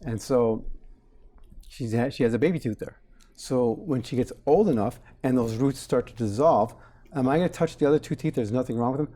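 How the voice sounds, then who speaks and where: A dentist guest, a man in his forties, speaks briskly at medium pitch in a casual interview, his tone warm and mellow. He explains things simply and, like a lively storyteller, acts out brief quotes from patients and staff.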